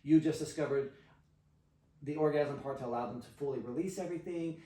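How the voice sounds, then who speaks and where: A man, a podcast guest, telling an animated story, acting out quotes with frequent laughs and fillers. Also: fairly high pitch, brisk. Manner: excitable, acts out quotes, laughs often, filler-heavy. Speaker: podcast guest, sexual healer. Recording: roomy, distant from mic.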